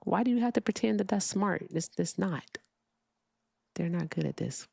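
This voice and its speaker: This woman's medium-pitched voice is gravelly yet mellow, animated, and at normal speed, with no echo. As a livestream political talk host, she rants bluntly with plenty of profanity and reads super chat comments from viewers out loud.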